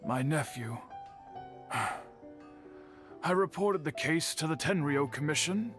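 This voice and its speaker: A patient, dignified old master bladesmith speaks in a formal, unhurried manner. His voice sits slightly high, and game music plays clearly underneath him. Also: expressive. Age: older. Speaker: game character.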